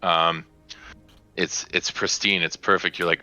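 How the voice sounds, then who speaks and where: A man's voice: sits low, flat delivery, a little slow, sharp tone, soft background music, low-quality recording. A man narrating a tabletop game as game master, rambling with many fillers.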